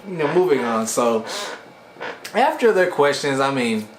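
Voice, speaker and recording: A man casually recapping webcomic chapters for his channel, retelling scenes with slangy asides and quick voiced-out lines for the characters. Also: medium pitch, sing-song, reverberant, noisy background. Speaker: webcomic reviewer.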